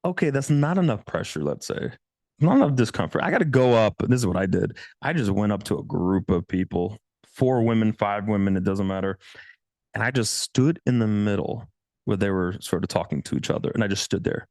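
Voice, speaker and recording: A lower-voiced man with a lively, swinging delivery gives a dating-coach presentation. He talks bluntly and swears often. His sound is close and dry. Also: a little fast, no echo. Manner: blunt and profane, with many restarts; animated, jumps into high voices for quotes. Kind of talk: seminar presentation.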